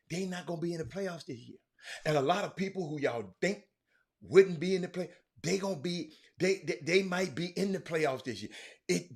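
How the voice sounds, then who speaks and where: Loud excitable sports-talk host. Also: male voice, fairly high pitch. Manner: loud, excitable, teasing, repeats words, sudden shouts. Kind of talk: animated sports talk, reading live chat.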